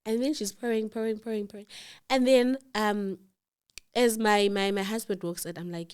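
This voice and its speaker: A woman's voice: mid-range voice, moderate pace, clean tone. A South African woman telling a personal story in casual chat, acting out the voices of the people in it. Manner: animated, acts out voices of others in the story. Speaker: storyteller host.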